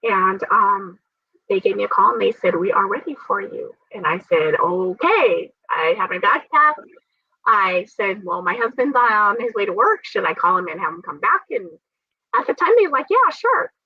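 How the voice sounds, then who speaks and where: A woman's voice: medium pitch, expressive, normal speed, slightly rough, no room sound. A woman who survived a transplant, telling her story in an interview in an earnest, faith-filled way with frequent laughter. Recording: dull, dry sound from a distant mic.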